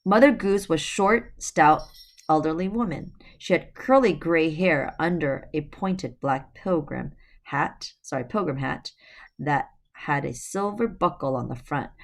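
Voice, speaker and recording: Low-voiced woman reading a storybook aloud. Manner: chatty asides to viewers. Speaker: storybook reader. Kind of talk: reading a novel aloud to viewers. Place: at home, on her bed.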